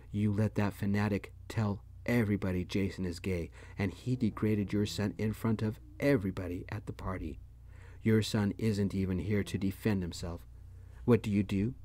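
Male narrator doing a furious mother walking out on her marriage, low and mellow, shouting, storybook reading. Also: close to an everyday voice. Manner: shouting, pleading. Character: upset mother leaving her husband, a woman.

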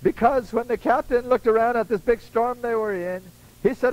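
A man's voice: extremely high pitch, moderate pace, darkish tone, poor audio. An older man preaching a folksy storytelling sermon, acting out voices in his stories. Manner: acts out voices in his stories, chuckling asides.

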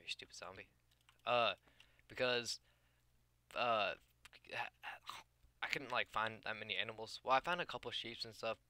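A man's voice: on the low side, sharp tone, smooth, dry recording. A tired young man giving casual gameplay commentary on his video channel, rambling, losing his train of thought and filling gaps with "uh" and "like". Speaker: gaming YouTuber.

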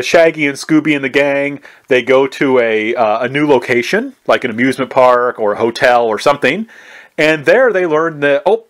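Chatty man lecturing, higher voice. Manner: conversational, repeats "right?" often; restarts and stumbles often. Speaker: history professor. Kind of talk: recorded lecture.

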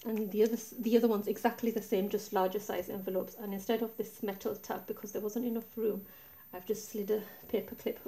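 A woman's soft, mellow, mid-range voice moves briskly with few pauses as she calmly points out each pocket and flap of her craft project. This casual show-and-tell is chatty rather than polished, recorded on a tablet set high above her desk.

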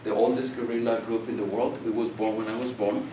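Older man lecturing in a hall, animated storyteller; distant, roomy recording with light hiss. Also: on the low side, fairly quick. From Colombia. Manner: animated storyteller, acts out voices and laughs. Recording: echoey room, distant mic, faint noise.

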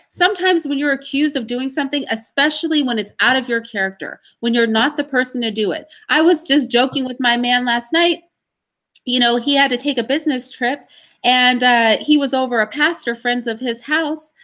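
Emphatic woman, fairly high voice. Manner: emphatic, animated storytelling with pauses. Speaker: interview guest. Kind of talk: livestream interview answers.

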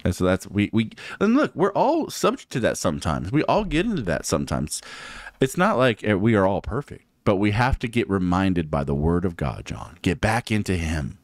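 Lively low-voiced man preaching enthusiastically. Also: moderate pace, no echo. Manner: enthusiastic and preachy, with repeated affirmations. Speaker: podcast host. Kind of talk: casual podcast conversation about the Bible.

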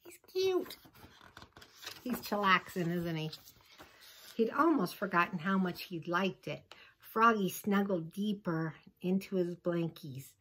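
A woman's voice: fairly low pitch, measured pace, a bit bright, low-quality recording. A woman, a teacher, reading a picture book aloud to children and chatting with them about the pictures. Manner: chatty asides to young listeners.

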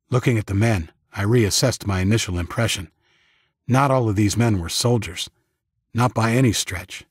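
A man narrating an audiobook in the first person with measured, scripted storytelling on a close studio mic. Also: on the low side, breathy edge, no room sound.

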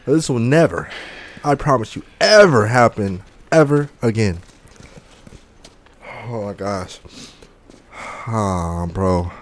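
A man's voice: fairly low pitch, lively intonation, takes it slowly, long pauses. Breathless young man groaning through a challenge. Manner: exclaiming, groaning, joking. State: out of breath, mouth burning. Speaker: gaming YouTuber. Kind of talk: casual commentary while eating hot wings and gaming.

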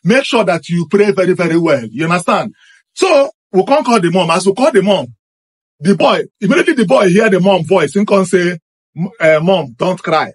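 Husky Nigerian man telling a story. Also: high voice, a little fast. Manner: excited, repetitive, acts out what happened. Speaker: storyteller recounting a personal experience. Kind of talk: animated first-person storytelling.

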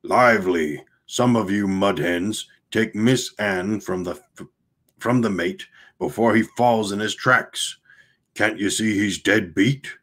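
A man reading aloud and voicing a gruff old male ship's cook who barks orders at sailors. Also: lowish voice, slow pace, fairly bright tone. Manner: barking, scolding sailor talk.

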